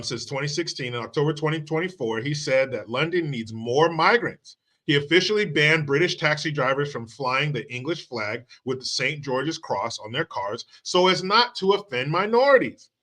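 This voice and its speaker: A man's voice: mid-range voice, pushed and bright. A man hosting a commentary show, ranting in a heated, sarcastic and profane way. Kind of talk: profane political rant.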